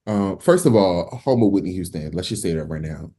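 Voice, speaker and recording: A man's voice: low-pitched, lively intonation, fairly quick, dark tone. A man from New Jersey, a singer, talking casually and animatedly in an interview, with lots of fillers and restarts. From Newark, New Jersey. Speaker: guest singer.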